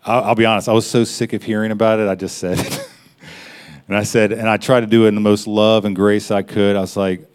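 A man preaching in a conversational, personal way, stopping for quick laughs and honest asides as he addresses his listeners. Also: on the low side, little pitch movement, clear, resonant tone. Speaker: pastor. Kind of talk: sermon.

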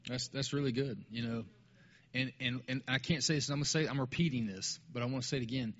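Man, mid-pitched voice, casual faith talk, dull lo-fi recording. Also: fairly even intonation, fast, fairly bright tone. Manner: conversational, with many restarts.

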